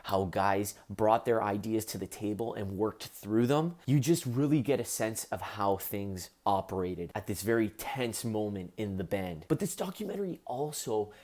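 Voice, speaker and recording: A musician talking to camera in an earnest, heartfelt way about something that moved him. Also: male voice, on the low side, animated, moderate pace, hardly any pauses, a little mellow. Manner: earnest, heartfelt, gets choked up. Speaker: musician reviewing a documentary. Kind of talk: casual talk to camera.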